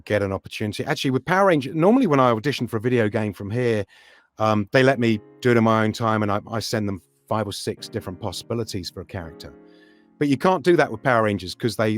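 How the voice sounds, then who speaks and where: A middle-aged man from England, a voice actor chatting in an interview, full of restarts and sliding into accents as he talks. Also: lowish voice. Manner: animated storyteller, slips into accents and impressions, hesitant restarts. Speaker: voice actor guest. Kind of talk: casual interview chat.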